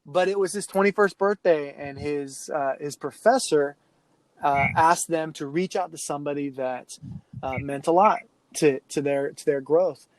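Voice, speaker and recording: Male coach guest, fairly high voice, lively anecdote-teller. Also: moderate pace, no echo, poor audio. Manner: animated anecdotes, acts out quoted kids. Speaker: youth sports coach, podcast guest. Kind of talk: storytelling in a casual interview.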